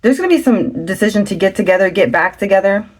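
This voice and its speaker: A woman giving a chatty tarot reading to her viewers. She talks fast and loose, often getting excited, exclaiming and laughing at the cards. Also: mid-range voice, a little hiss or hum. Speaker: tarot reader. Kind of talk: casual tarot reading to camera.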